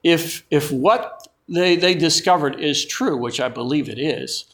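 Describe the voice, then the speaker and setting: A male preacher delivers a sermon at an unhurried pace. His voice sits a little high, and he drives his points home by repeating words. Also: fairly bright tone. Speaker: pastor.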